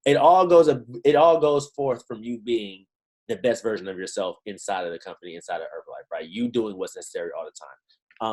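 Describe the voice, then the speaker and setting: A man giving a lively pep talk to his team on a video call, full of slang and rhetorical questions. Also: mid-range voice, poor audio. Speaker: motivational team trainer.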